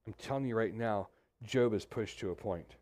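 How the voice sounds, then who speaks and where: A middle-aged man, preaching a sermon in a church in a lively, conversational way and talking straight to the congregation. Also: on the low side, normal speed. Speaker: pastor. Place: church sanctuary.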